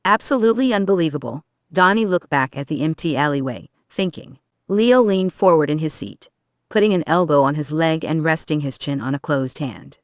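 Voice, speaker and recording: A reader narrating a fan fiction audiobook in a steady storytelling way. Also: mid-range voice, moderate pace, no room sound, clean studio sound.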